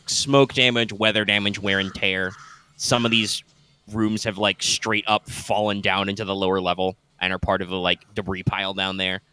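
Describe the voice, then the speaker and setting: A man's voice: on the low side, sharp tone, clean tone. A man narrating a tabletop game as game master, describing scenes loosely with lots of fillers.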